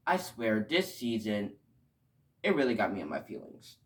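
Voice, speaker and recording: A man giving a casual video review, talking emotionally and rambling, with sudden loud outbursts between quieter stretches. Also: on the high side, very animated, normal speed. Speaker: show reviewer.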